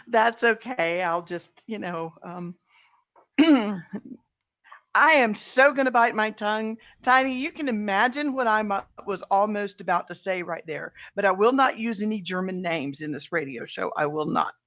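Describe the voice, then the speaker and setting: A woman co-hosts a casual podcast in a chatty, rambling way, leaning on fillers as she talks about writing. Her voice sits at an ordinary pitch. The sound is a little dull and lo-fi, with no room echo. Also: a little slow, a bit bright. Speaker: co-host and fiction writer.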